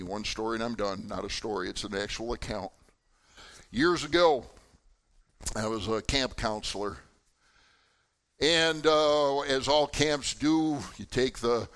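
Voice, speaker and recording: A pastor preaches a sermon, his pitch and volume rising and falling with energy as he poses questions to the congregation.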